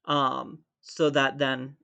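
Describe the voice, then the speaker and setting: Walking through a prerecorded music theory lesson step by step, a man reasons out loud and sings rhythms using syllables. He has a mid-range, gravelly voice with little pitch movement, drawn-out words and a sharp tone.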